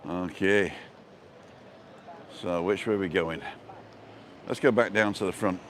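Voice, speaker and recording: A man's voice: low-pitched, unhurried, a little hiss or hum. A middle-aged man hosting a casual live stream as he walks outdoors through town streets, chatting and reading out viewer comments with a joking manner.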